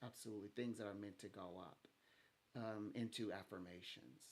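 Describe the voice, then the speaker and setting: A man giving a phone psychic reading, talking gently and haltingly with many restarts and fillers. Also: lowish voice, fairly even intonation. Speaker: psychic reader.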